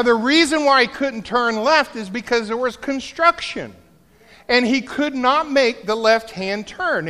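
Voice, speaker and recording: The middle-aged preacher's voice is very high and fairly bright as he delivers a sermon story dotted with humorous asides, recorded in a large, long-reverb hall.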